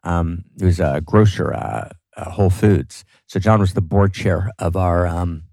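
Speaking at a measured pace, a podcast guest with a deep, warm voice and vocal fry gets passionate about philosophy. He's fervent and emphatic, tagging lines with "right?" often. There's no room sound.

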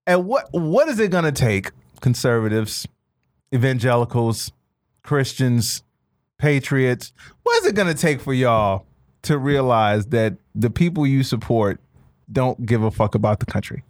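Male podcast co-host, lively swooping voice, dry sound, preachy and profane. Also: medium pitch, a little slow, no room sound. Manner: animated, preachy, swears, repeats points. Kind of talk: casual political chat.

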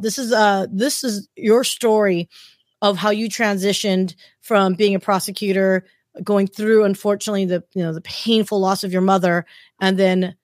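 A woman's voice: mid-range voice, no echo, studio quality. A woman who hosts a live-streamed interview, talking in an emotional, encouraging, chatty way. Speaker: host.

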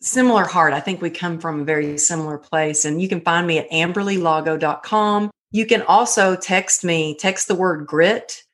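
Candid woman guest, low-pitched. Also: normal speed, hardly any pauses, a bit bright. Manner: candid, emotional, filler-heavy. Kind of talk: personal storytelling interview.

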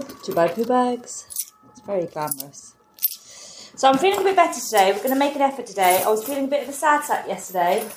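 A chatty woman in her forties talks straight into her phone while out walking. Her voice sits a little high and she swears freely in a blunt, candid way. Loud traffic rumbles around her on the open street. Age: 40s. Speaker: travel vlogger. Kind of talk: casual talk to camera. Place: city streets outdoors. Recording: phone audio with traffic noise.

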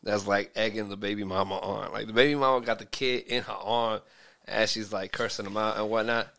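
A man's voice: on the low side, brisk, gravelly. A man co-hosting a podcast, telling stories in casual chat with lots of slang and swearing. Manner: animated storytelling, heavy slang and swearing. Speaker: podcast co-host.

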